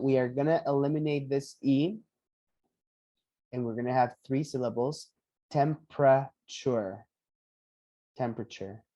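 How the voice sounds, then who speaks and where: A man teaching English pronunciation on a video call, patiently repeating each word slowly for his students. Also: mid-range voice, mellow. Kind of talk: online pronunciation lesson.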